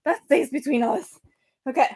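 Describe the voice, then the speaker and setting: A young woman with a high, light voice chats casually on a livestream, bubbly and easily distracted. She talks straight to her viewers and sounds a little out of breath. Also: moderate pace, darkish tone. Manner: bubbly, chatty, distracted, reads comments aloud. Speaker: livestream host.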